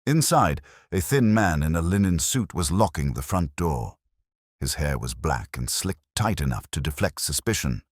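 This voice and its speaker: A man's voice: a bass voice, big pitch swings, moderate pace, breathy edge, no echo, clean studio sound. A man narrating a hardboiled mystery in a wry, clipped first-person delivery.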